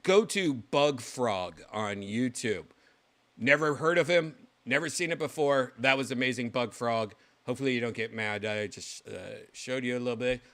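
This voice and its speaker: A man hosting his own show, reacting to clips in casual livestream commentary, excitable and swearing freely with loud exclamations. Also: medium pitch, moderate pace. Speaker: show host.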